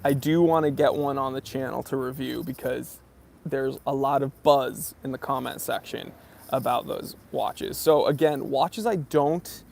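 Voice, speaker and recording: A man's voice: mid-range voice, unhurried, creaky, a little mellow, a little hiss or hum. A young American man hosting a watch channel livestream, casually chatting and answering viewer comments in a laid-back, bro-ish way. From United States.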